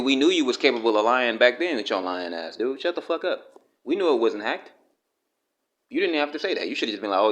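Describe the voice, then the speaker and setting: A man with delivering a blunt, profane, scolding rant to the camera, talking straight at the person he criticizes. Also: lowish voice. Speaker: commentary vlogger.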